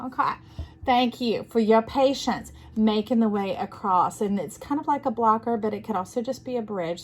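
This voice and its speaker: A woman's voice: medium pitch, slight background noise. A woman giving an intuitive tarot reading, talking in a playful, rambling, spiritual way. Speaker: tarot reader.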